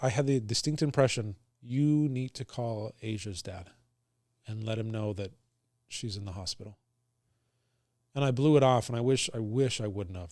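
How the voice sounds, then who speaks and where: A young man talking in a casual conversation, telling his story in an earnest, halting way with many restarts. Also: medium pitch, darkish tone, no echo, studio quality. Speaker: guest sharing his story.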